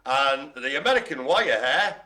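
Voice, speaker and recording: A man's voice: medium pitch, animated, moderate pace, pushed and bright. A man hosting a live online bingo game, chatty and jokey, full of puns and asides. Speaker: bingo host.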